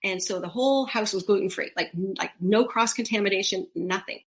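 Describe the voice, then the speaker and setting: A woman's voice: mid-range voice, a little fast. A middle-aged woman co-hosting a podcast, chatting casually and acting out quoted voices as she tells stories. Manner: animated storytelling, acts out quoted voices with laughs. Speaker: podcast co-host. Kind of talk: casual conversational podcast chat.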